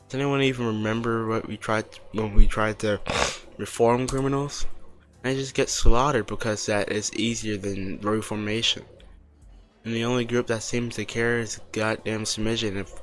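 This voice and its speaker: A bitter young character ranting hotly and cursing, as a man reads it out. The voice stays low and forceful. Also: lightly acted. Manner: heated, swearing rant. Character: bitter, ranting young adult who hates heroes.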